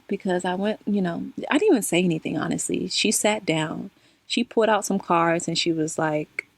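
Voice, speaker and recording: Sharing a personal story on her spiritual channel, this woman speaks at a moderate pace in a creaky, fairly low voice. She's casual and expressive, laughs a lot, and addresses listeners as y'all. The recording is dry.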